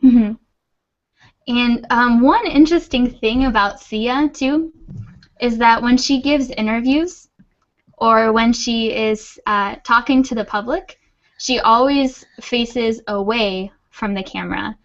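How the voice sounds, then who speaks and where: This woman, with a voice on the higher side, takes her time while teaching English on a video call. She's patient and reassuring, laughs a lot, and explains things in a friendly online-class style, though the audio is dull.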